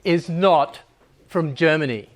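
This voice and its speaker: A man's voice: fairly high pitch, takes it slowly. A man giving a humorous talk to a live audience, joking and conversational, laughing at his own lines.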